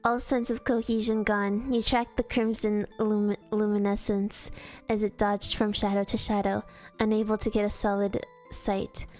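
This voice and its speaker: A woman's voice: mid-range voice, level tone, normal speed, a little mellow, soft background music. A woman streamer reading a fan story aloud in a storytelling voice, sometimes stumbling and restarting words. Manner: storytelling read-aloud with casual slips and restarts.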